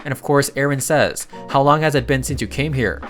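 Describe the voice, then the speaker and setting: A man's voice: medium pitch, fairly quick, fairly bright tone. Male recap narrator, chatty and casual, throws in asides, light music bed. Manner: chatty, reads quoted lines in his own voice with asides.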